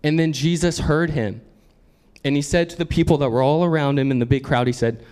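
A man's voice: fairly high pitch, fairly quick, darkish tone, clean tone. A man preaching a sermon in an earnest, conversational way, often laughing as he talks.

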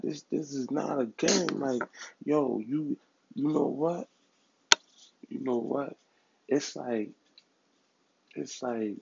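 A man's voice: medium pitch, gravelly, dark tone, breathy edge. A man delivering a heated street monologue, repetitive and slangy, stumbling over words when worked up. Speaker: vlogger giving street advice. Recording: dull lo-fi recording.

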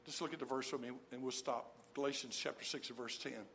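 A man's voice: mid-range voice, steady tone, fast, gravelly, fairly bright tone, slight background noise. A middle-aged man preaching a sermon, stressing points by repeating key phrases. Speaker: pastor.

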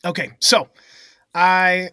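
A man's voice: sits high, slow pace, smooth, no echo, clean studio sound. A man co-hosting a casual podcast, telling a funny story with lots of laughter. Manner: animated, laughing often, acts out voices in stories. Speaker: podcast co-host.

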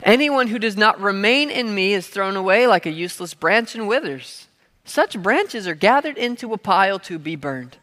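A man's voice: high voice, animated, moderate pace, bright, forceful tone. A man preaching a sermon as pastor, talking conversationally with playful asides and having the crowd repeat key words. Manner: playful asides and everyday examples. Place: church hall. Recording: long reverb of a large hall.

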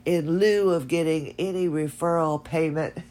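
Nasal woman podcast host, slow and rambling, casual solo chat. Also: a bass voice. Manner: chatty, rambling, laughs at herself.

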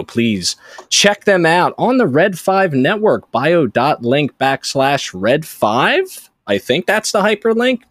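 A man's voice: on the high side, very animated, takes it slowly, fairly bright tone, no room sound, clean studio sound. A man hosting a casual podcast chat, talking chattily with lots of fillers and frequent laughs. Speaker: podcast host.

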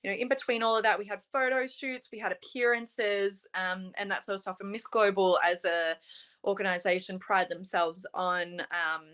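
A young Australian woman in her twenties with an Australian accent, chatting quickly as an interview guest, with lots of ums and likes. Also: medium pitch, steady tone, a bit bright, clean tone. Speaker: pageant contestant guest. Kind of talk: casual interview chat.

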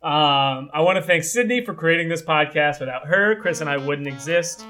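A man's voice: fairly high pitch, normal speed, sharp tone, soft background music. A young man hosting a casual podcast, rambling and upbeat with lots of fillers. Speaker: podcast host.

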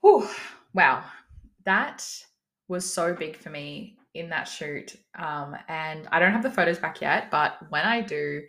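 Young woman coach doing a solo podcast, kinda low voice, super casual and chatty, swears a lot, says "like" constantly. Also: lively intonation, slow pace, a bit bright. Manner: casual, chatty, swears freely, frequent "like" fillers. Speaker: business coach, podcast host. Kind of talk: candid solo podcast monologue.

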